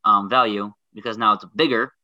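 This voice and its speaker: A man's voice: lowish voice, steady tone, a little fast, no room sound, lo-fi sound. A man from Ohio co-hosting a podcast, explaining a local story at length and repeating himself. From Ohio, United States. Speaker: podcast co-host. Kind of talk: casual podcast discussion.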